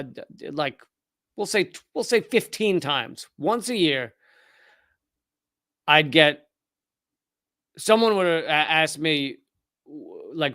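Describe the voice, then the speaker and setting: A man with a Southern US accent hosts a live commentary stream, sardonic and quick, often breaking off and restarting his sentences. His voice sits a little high for a man and sounds smooth and resonant. It is close-miked and dry. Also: a bit bright, dry recording. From Richmond, Virginia, US. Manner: sardonic, rapid and conversational with frequent restarts.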